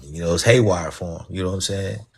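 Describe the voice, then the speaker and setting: A man's voice: sits low, fast, vocal fry, husky. A man in a live online chat, explaining a point at length in a laid-back way. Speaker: participant in a live discussion. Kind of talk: casual chat.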